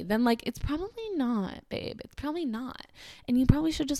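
A woman in her twenties casually telling a long personal story, rambling with lots of fillers and jumping into high, squeaky voices when she quotes people. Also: expressive, fast talker, a little mellow, dry recording, clean studio sound. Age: 20s.

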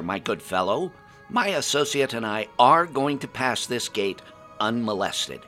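A brisk, strong-willed gnome woman who gives orders in a firm, clipped tone, as a male storyteller puts her on. Her voice sits somewhat higher than the reader's deep register, with bright, lively turns of pitch. It sounds like a fantasy tale read aloud. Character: stern, brisk female gnome engineer.

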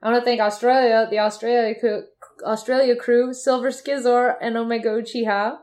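A young woman from Michigan with a Midwestern accent, co-hosting a casual podcast, chatty and quick to giggle. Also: a little high, flat delivery, darkish tone. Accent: Midwestern American. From Michigan, USA. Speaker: podcast co-host.

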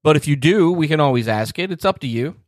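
A man hosting a casual podcast chat, easygoing and quick to laugh. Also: fairly high pitch, expressive, no echo, studio quality. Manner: easygoing, laid-back, laughs often. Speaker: podcast host.

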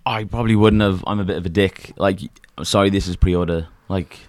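A man chatting as a podcast co-host, rambling and halting, swearing as he tells a story. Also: low voice, steady tone, darkish tone, no echo. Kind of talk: casual chat.

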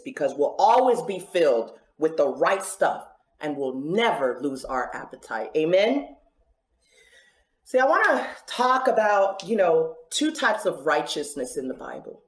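A woman preaching a sermon in an animated, conversational way, her pitch and loudness rising and falling. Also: roomy sound.

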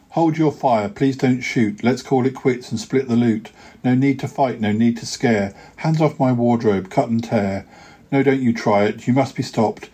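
A man's voice: mid-range voice, dark tone, slightly rough. A podcast host reading his own rhyming poems aloud in a rhythmic, sing-song way, with hesitant fillers when chatting.

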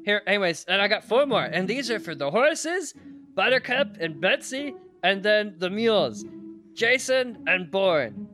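Excitable rambling high-voiced man. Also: measured pace, over music. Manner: rambling, excitable, many restarts. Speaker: player. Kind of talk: tabletop role-play in character.

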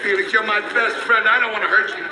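Man playing a brusque gruff sportswriter, kinda far off, super hissy old tv sound. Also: high voice, flat delivery, fast, reverberant, natural voice. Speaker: actor in a sitcom clip. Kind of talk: 1970s sitcom acting.

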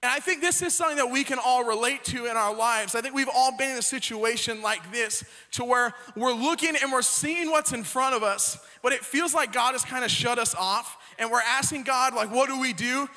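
A young preacher tells the story in a chatty, joking way and keeps tossing in "right?" to the crowd. His voice is very high and bright. A long hall reverb trails after every phrase. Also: fairly quick, hardly any pauses. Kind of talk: casual sermon storytelling.

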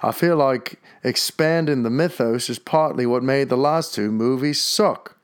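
A man voicing a male listener who reads out his letter, in a deliberately mangled put-on Australian accent. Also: mid-range voice, clear, resonant tone, lightly acted. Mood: apprehensive. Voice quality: mangled, exaggerated accent attempt.

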